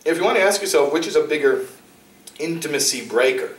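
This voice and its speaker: A man giving a talk as a rabbi, telling stories with animated acted-out dialogue. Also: brisk. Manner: animated, acts out dialogue with shifting pitch. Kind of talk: lively storytelling lecture. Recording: roomy, distant mic in a hall.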